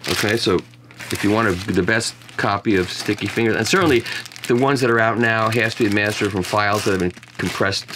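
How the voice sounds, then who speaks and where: This vinyl record reviewer speaks in a lowish voice at a fairly quick clip, with background noise behind him. He keeps the conversation casual and chatty, often starting over and poking fun at himself.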